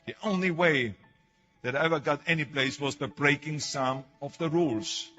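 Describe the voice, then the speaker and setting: A man's voice: fairly high pitch, moderate pace, sharp tone, highs cut off, faint music behind. An older man with an Austrian German accent, whose first language is German, giving an emphatic motivational speech full of stories. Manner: storytelling, emphatic, with acted quotes. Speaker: public speaker.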